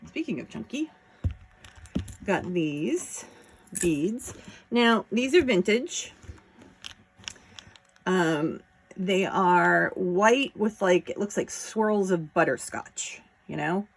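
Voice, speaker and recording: A woman's voice: mid-range voice, animated, drawn-out words, gravelly, long pauses, slight background noise. A woman chatting casually as she shows off jewelry pieces one by one, admiring each as she handles it. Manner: chatty, admiring, talks while handling items. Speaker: jewelry seller showing auction finds. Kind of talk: casual show-and-tell chat.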